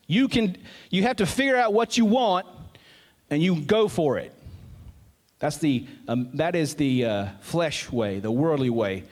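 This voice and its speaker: Guy giving a sermon, kinda high voice, chatty asides, gets emphatic reading verses. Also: sing-song, measured pace, darkish tone. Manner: conversational, asides and self-corrections; reads scripture aloud with rising emphasis. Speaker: preacher.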